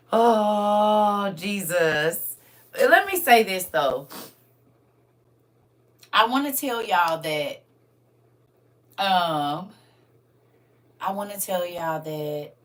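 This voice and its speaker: Bright-voiced older woman, emotional and laughing. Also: fairly low pitch. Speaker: livestream host. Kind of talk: casual livestream chat. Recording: voice a bit distant from the mic.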